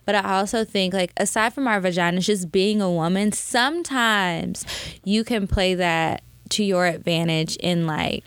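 A woman's voice: medium pitch, measured pace, a bit bright, clean tone, no echo. A young woman co-hosting a podcast, chatting frankly and playfully. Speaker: podcast co-host. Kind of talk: casual chat.

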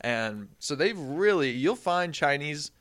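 A man's voice: fairly high pitch, lively intonation, slow, fairly bright tone. A man co-hosting a podcast in casual chat, cutting in with dry jokes. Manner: dry, joking, interjecting. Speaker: podcast co-host.

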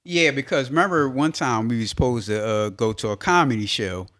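A man's voice: medium pitch, a little fast, fairly bright tone. A man hosting a podcast in a studio, asking easygoing, casual questions. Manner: easygoing, asks short questions. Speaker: podcast host. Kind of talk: casual interview.

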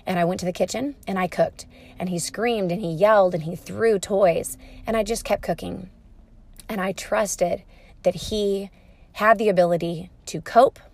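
A woman in her thirties, a mother giving calm, patient advice to parents in an explanatory talk. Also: fairly low pitch. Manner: calm, patient, explanatory, soft-spoken at times. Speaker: parenting educator.

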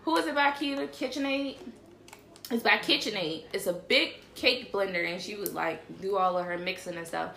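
A bright, chatty woman hosts a casual livestream and talks straight to her audience. She calls them y'all and keeps the talk lively and informal. Her voice rings a little in a roomy space. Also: medium pitch, moderate pace, vocal fry, a little hiss or hum. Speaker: show host. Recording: roomy echo.

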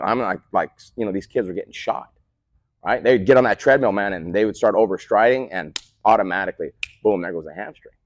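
Deep-voiced man explaining like a coach. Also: a little fast. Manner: peppers points with "right?" tag questions; animated, coach-like storytelling. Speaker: guest, speed training facility co-owner. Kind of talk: casual explanatory interview talk. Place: remote call.

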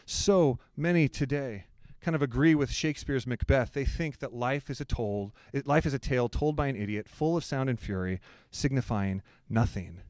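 A man's voice: mid-range voice, moderate pace, a little mellow, no room sound, studio quality. A male pastor delivers a sermon in a conversational, earnest way, with humorous asides.

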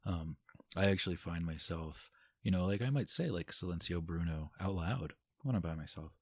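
A man with a very low, husky voice talks openly in a relaxed podcast chat. He swears freely and breaks into laughter often. The sound is dry and close. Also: normal speed, dry recording. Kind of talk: casual podcast conversation.

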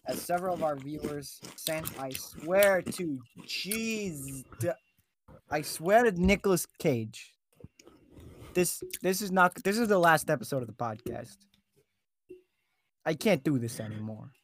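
A man's voice: fairly high pitch, lively intonation, a little slow, slight background noise. A man co-hosting a comedy podcast, talking in theatrical, melodramatic bursts. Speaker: podcast co-host.

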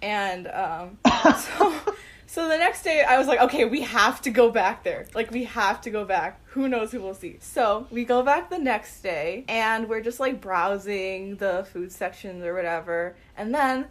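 A young woman excitedly telling a casual story, giggling often and using lots of fillers. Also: mid-range voice, measured pace.

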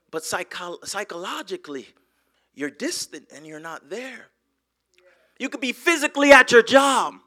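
Male pastor preaching, high bright voice, keeps repeating words, loud then almost whispering. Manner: repeats and stutters words, swings from loud to hushed. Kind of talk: sermon.

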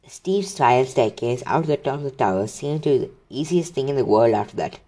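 A man's voice: medium pitch, animated, fairly quick, warm tone. A man reading a children's book aloud, casually, with slips and restarts. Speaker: reader.

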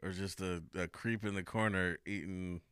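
A man's voice: low voice, steady tone, moderate pace, a bit bright. A young man hosting a podcast in casual chat, rambling, swearing freely and laughing often. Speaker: podcast host.

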